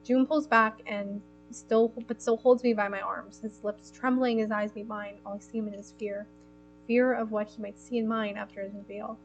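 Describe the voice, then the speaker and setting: A woman's voice: mid-range voice, level tone, moderate pace, faint music behind, poor audio. A young woman streaming a story game, reading it aloud and reacting emotionally with giggles. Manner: emotional, giggly, easily moved.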